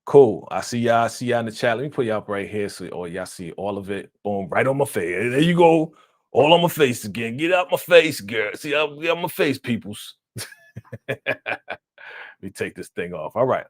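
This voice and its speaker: Man, casual live-stream reaction host, lively laughing delivery, dry close mic. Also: on the low side, normal speed, no room sound. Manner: animated, laughing, acts out quotes in raised voice.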